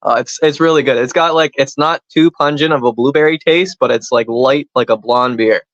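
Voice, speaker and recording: A man with a Canadian accent joining a comedy podcast over a video call, with a halting, dry delivery. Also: mid-range voice, fairly bright tone, lo-fi sound. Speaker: podcast co-host. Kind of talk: casual comedy podcast chat.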